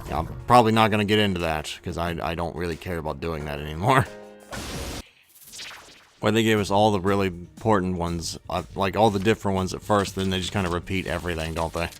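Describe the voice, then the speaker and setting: A deep-voiced man talks through his gameplay in a loose, rambling way. He often stops to correct himself and chuckles at his own remarks. Faint game music plays behind him. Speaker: let's play gamer. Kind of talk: casual gameplay commentary.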